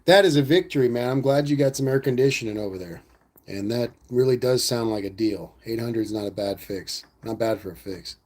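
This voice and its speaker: A man's voice: mid-range voice, a little fast, a little mellow. Laid-back man reading his stream chat. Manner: laid-back, rambling, says "man" a lot. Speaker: livestream host reading chat. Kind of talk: casual livestream chat.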